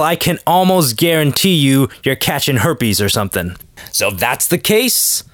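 A man with a slightly high voice holds forth on his podcast in a loose, rambling, joking monologue. He slips into short acted-out quotes along the way. The sound is dry and close, with no room around it. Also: dry recording. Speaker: podcast host. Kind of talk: casual comedic monologue.

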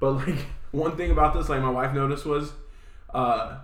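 A man with a slightly higher voice rambles through casual podcast stories, laughing now and then. The room around him rings with a noticeable echo. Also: steady tone, moderate pace. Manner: rambling storyteller, laughs often. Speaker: podcast co-host. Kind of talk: casual chat.

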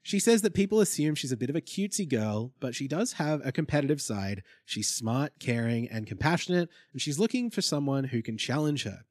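A young man co-hosts a casual recap chat, wry and thinking aloud as he goes. His pitch moves a lot as he talks. The recording is dry and close. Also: expressive, brisk, hardly any pauses, a little mellow, no room sound. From Australia. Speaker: podcast co-host.

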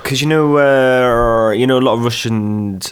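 A man in casual chat, talking haltingly with many restarts. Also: mid-range voice, a little hiss or hum.

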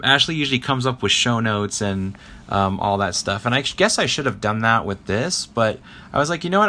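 A man's voice: lowish voice, pushed and bright, a little hiss or hum. A man hosting a podcast, recapping a show without a script in a rambling, laughing, filler-heavy way. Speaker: podcast host. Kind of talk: unscripted casual recap.

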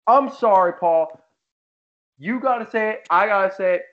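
A man's voice: high voice, normal speed, muffled recording. A young man hosting a casual sports podcast, roasting players in emphatic rants. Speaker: podcast host.

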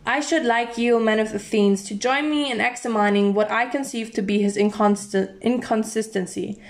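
Higher-voiced woman reading a classic aloud. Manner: plain measured reading with slips and restarts. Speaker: reader.

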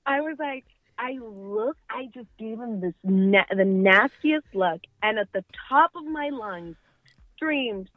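A woman calling in by phone, telling a story with a laughing, animated delivery. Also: on the high side, slow pace, soft background music. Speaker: phone caller, friend of the guest. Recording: tinny phone line.

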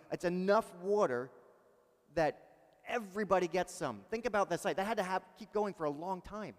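A male pastor preaching a sermon in a lively, conversational way, asking the congregation questions. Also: high voice, in a large hall.

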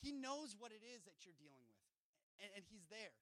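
High, bright-voiced impassioned young preacher man. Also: big pitch swings, moderate pace, no echo. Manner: impassioned, building to shouts; casual asides between scripture reading. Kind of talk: sermon.

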